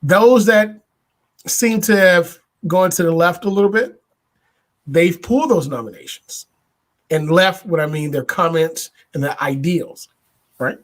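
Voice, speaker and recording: A man hosting a podcast, giving a political commentary monologue in a deliberate way, building points with repetition and rhetorical questions. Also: high-pitched. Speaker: podcast host.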